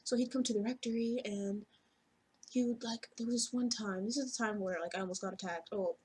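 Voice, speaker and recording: A woman's voice: fairly high pitch, fairly even intonation, brisk, a little mellow, slightly rough. A woman telling a personal story to camera in a casual, rambling way, full of "like" fillers and offhand swearing.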